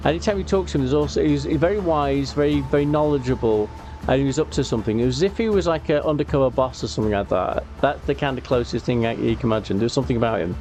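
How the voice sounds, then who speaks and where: A man's voice: medium pitch, rapid-fire, darkish tone. A man rambling casually through gameplay commentary and a story, with many fillers and restarts. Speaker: gaming YouTuber. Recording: game music behind the voice.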